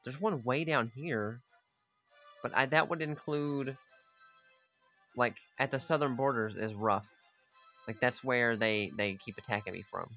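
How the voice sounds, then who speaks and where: A man's voice: mid-range voice, measured pace, long pauses, sharp tone, soft background music. A man giving casual, profane gameplay commentary, chatting aloud and ordering his units around as he plays. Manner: chatty, swears freely, talks to his units. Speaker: gamer playing a strategy game.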